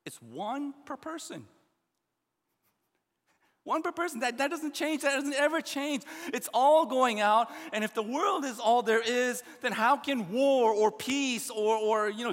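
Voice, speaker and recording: Guy preaching a sermon, pretty high voice, lots of repeating for emphasis, hall echo trailing off. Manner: emphatic, repeats words, swings from loud to quiet. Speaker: pastor.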